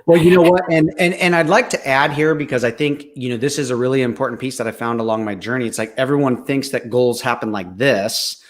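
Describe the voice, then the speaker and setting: A man's voice: medium pitch, a little fast, few pauses. A man co-hosting a candid leadership talk, speaking emphatically and getting fired up, now and then swearing for emphasis. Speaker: leadership coach and co-host. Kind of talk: candid casual conversation.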